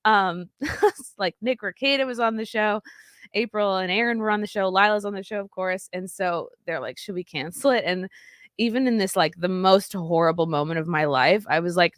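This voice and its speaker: A woman comedian talks straight to her fans, choked up and close to tears, her sentences breaking off and restarting between curses. Her voice sits at a middle pitch, and the sound is dry and close with no room around it. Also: no echo. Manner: halting, emotional, profane, with frequent restarts. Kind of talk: personal storytelling to fans.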